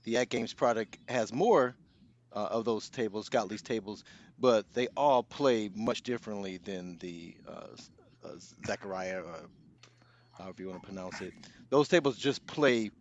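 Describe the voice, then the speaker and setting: A man's voice: fairly low pitch, moderate pace, highs cut off. A man co-hosting a gaming podcast, rambling with many restarts and "you know"s. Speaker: podcast co-host. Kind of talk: casual podcast chat.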